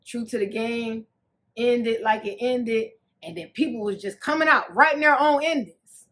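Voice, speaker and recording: A woman hosting a casual TV recap, talking in a sassy, animated way that swings between loud jokes and soft, earnest asides. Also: a little high, normal speed. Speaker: recap host.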